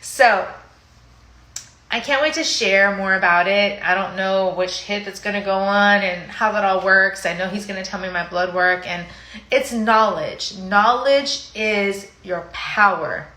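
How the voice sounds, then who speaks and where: Woman in her fifties, fitness coach, rambling live chat, bright voice, roomy echo. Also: medium pitch, a little slow. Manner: chatty, emotional, rambling. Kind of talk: casual live video chat.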